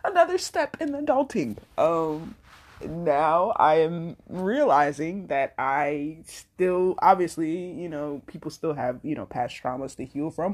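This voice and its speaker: A woman's voice: low voice, animated, a little slow, a little mellow. A young adult woman hosting her own podcast, talking in a candid, rambling way with plenty of swearing. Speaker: podcast host. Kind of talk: casual solo podcast monologue.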